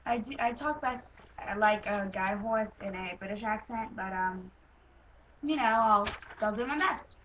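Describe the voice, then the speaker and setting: A woman's voice: mid-range voice, expressive, measured pace. An American woman recording a casual casting-call audition, self-conscious and rambling with frequent ums, on a lo-fi recording with faint hiss. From United States. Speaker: voice actor auditioning.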